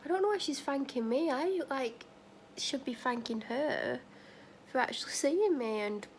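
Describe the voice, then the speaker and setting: A vlogger with a high, expressive voice chats casually at a measured pace over slight background noise. She rambles through run-on asides and retells conversations, acting out both sides.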